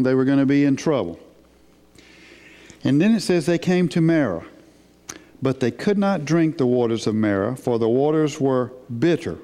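A man delivers a sermon in a mellow, relaxed voice, emphatic and unhurried, often putting questions to his listeners. His voice carries a long reverb from a large church hall. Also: medium pitch. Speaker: preacher.

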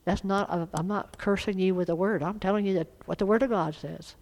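A woman's voice: mid-range voice, steady tone, brisk, low-quality recording. Fervent woman preaching a sermon. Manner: fervent, emphatic, rising to loud exhortation.

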